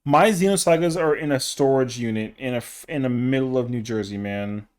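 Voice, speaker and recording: A man's voice: medium pitch, brisk, a little mellow. A young man chatting casually on a live stream, rambling in slang with lots of fillers.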